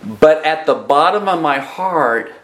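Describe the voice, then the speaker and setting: A man's voice: fairly high pitch, lively intonation, takes it slowly, fairly bright tone. A man preaching a sermon who keeps asking the congregation questions.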